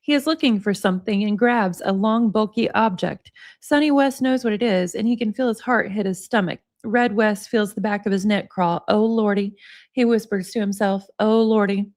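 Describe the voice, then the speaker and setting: Woman streamer, expressive reader, chatty asides, dry close sound. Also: medium pitch, moderate pace, hardly any pauses, no room sound. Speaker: livestream host. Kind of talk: book reading with casual chat.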